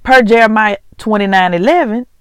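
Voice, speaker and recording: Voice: medium pitch, fairly quick, fairly bright tone, clean tone, no room sound. A host of a faith vlog and podcast, talking casually and earnestly to listeners, chatty and often laughing. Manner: earnest and heartfelt, often moved to tears. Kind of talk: casual devotional talk.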